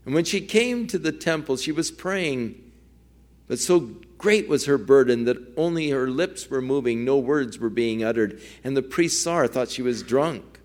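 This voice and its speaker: A man's voice: mid-range voice, expressive, moderate pace, darkish tone. A male pastor preaching a sermon, telling a story earnestly and acting out its quoted dialogue.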